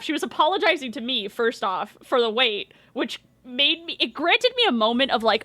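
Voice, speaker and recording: A woman's voice: sits high, big pitch swings, moderate pace, few pauses, sharp tone, no echo. A young woman streaming, telling a rambling story in a chatty, self-deprecating way and laughing often.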